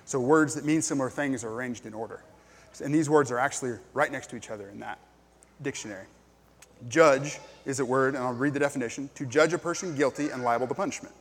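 A man's voice: mid-range voice, quick pace, husky, big-room sound. A man preaching a sermon as pastor, earnest and plain-spoken, with frequent ums and restarts.

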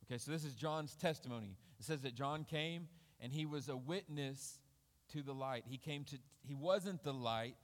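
A man speaks at a middle pitch, preaching in a loose, conversational way. He thinks aloud, circling back and restarting as he explains scripture. His voice rings out with the long reverb of a church hall. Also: moderate pace. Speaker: lay preacher. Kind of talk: conversational sermon.

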